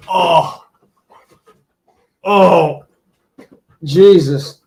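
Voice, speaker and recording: Slow-talking man cooing at his dog. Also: on the high side. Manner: profane, teasing, talks baby-talk to his dog. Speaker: stream host. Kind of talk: casual chat while playing with his dog.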